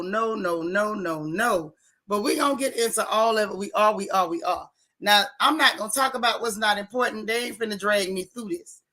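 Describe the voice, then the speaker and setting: Sharp in tone and mid-range in pitch, this female host runs a laid-back live stream. She greets her viewers and gossips about a reality show in a sassy, chatty way.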